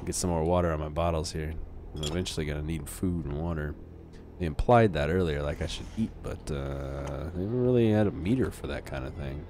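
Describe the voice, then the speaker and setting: A man's voice: very deep voice, a little fast, mellow, slight background noise. A man hosting a let's play with casual gameplay commentary. He is chatty and self-deprecating, and often talks to himself.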